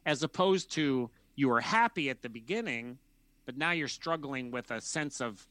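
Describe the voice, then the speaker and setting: Bright, dry-sounding male counselor. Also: mid-range voice, lively intonation, moderate pace, no room sound. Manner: acts out imagined dialogues in different voices. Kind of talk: explanatory conversation.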